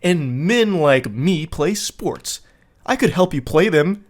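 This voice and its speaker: Man doing a pushy young bro, loud, mocking, jumping up in pitch. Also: animated, slow pace. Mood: boastful. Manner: sneering, mocking overblown delivery. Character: obnoxious young man, pushy and aggressive texter.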